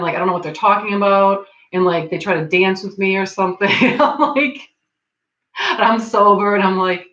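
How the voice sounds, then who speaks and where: A woman's voice: lowish voice, a bit bright. A young adult woman chatting casually as a stream host, rambling and filling her talk with "like", often laughing. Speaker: livestream host. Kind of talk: casual chat. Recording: dull lo-fi sound in an echoey room.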